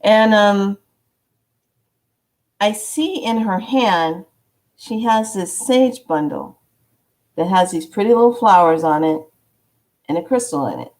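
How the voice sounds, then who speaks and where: A woman vlogger telling a spiritual story in a casual, animated way, acting out the dialogue as she goes. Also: mid-range voice, takes it slowly, long pauses.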